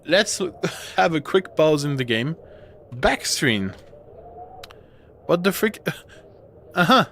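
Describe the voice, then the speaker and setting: A man talking his way through a game stream at an easy, unhurried pace. He rambles, restarts and breaks into laughter, chatting casually to his viewers. A faint hiss sits under his voice. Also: on the high side, sing-song, fairly bright tone. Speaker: streamer playing a horror game. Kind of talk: casual gameplay commentary.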